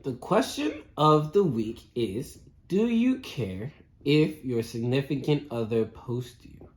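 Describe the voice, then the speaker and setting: A man with a British accent chats as a podcast guest, relaxed and easygoing, often saying "you know." His voice sits at a middle pitch. It carries the echo of a roomy space. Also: slow. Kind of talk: casual podcast chat.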